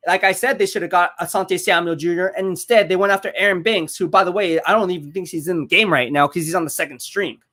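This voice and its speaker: A man hosting a live football watch-party stream, reacting to plays and chatting with viewers, excitable and repeating his points. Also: high voice, fast talker, hardly any pauses.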